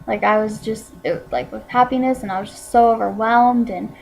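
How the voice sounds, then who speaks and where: A teenage woman chats casually to her camera, telling a personal story with plenty of "like" and "um". Her voice sits a little high and drags into a gravelly fry at the ends of phrases. A faint hiss sits under the recording. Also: fairly even intonation, moderate pace, darkish tone, poor audio. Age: teens. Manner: chatty, full of "like" and "um" fillers. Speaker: vlogger.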